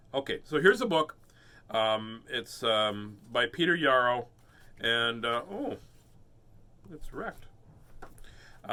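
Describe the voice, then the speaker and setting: A middle-aged man casually telling a personal story and then reading a picture book aloud, animated and chuckling often. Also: mid-range voice. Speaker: host reading children's books.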